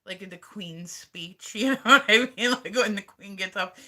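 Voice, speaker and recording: A man streaming live, talking in a loose, rambling way and swearing freely as he chats with viewers. His voice sits a bit high and has a very bright, tense edge. He fills nearly every sentence with "like". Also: normal speed, few pauses. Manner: rambling, profane, heavy use of "like". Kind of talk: casual livestream chat.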